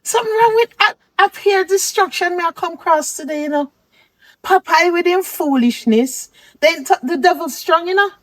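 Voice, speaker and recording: A woman's voice: very high voice, normal speed, fairly bright tone, no room sound. A woman playing a mother who chides and fusses over her son in a web drama. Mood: worried. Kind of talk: web series acting.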